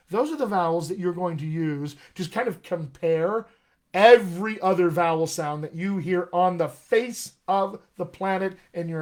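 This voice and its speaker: A high-pitched male dialect coach leads a live online lesson on accents and vowels. He explains patiently and keeps checking in with "all right?"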